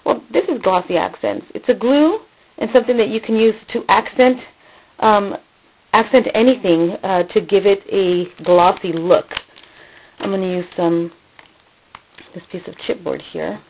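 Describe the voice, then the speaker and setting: A woman's voice: mid-range voice, unhurried, vocal fry. A woman hosting a casual hands-on crafting tutorial, talking informally with many fillers and self-corrections. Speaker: crafting channel host. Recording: dull lo-fi home video sound.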